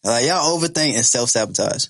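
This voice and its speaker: A man in his twenties telling a story in casual podcast chat, animated and profane, laughing as he talks. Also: mid-range voice, brisk, vocal fry. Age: 20s. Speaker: podcast co-host.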